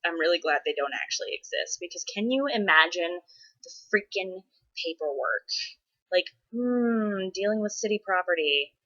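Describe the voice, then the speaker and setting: A woman's voice: on the low side, lively intonation, normal speed, bright, forceful tone, highs cut off. A woman vlogging casually, answering follower questions in a chatty way with frequent laughs and dramatic exasperated asides. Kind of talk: casual chat.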